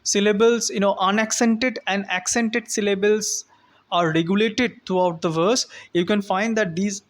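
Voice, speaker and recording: A man teaching a lecture and explaining step by step, often pausing with "uh, you know" and checking in with a rising "hmm?". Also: sits high, fairly even intonation. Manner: halting, many fillers, rising "hmm?" checks. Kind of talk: classroom lecture.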